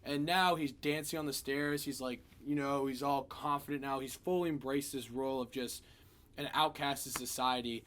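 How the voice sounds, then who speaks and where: A man talking through a film in a casual spoiler review. He retells scene after scene in an animated, profane way, at an ordinary middle pitch for a man.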